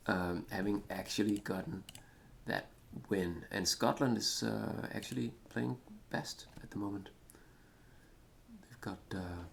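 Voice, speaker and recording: A Danish man from Denmark, a native Danish speaker, does casual let's-play commentary on a retro football management game. His voice sits fairly low and sounds gravelly. As a gaming commentator he rambles and hesitates, uses lots of fillers, and runs himself down.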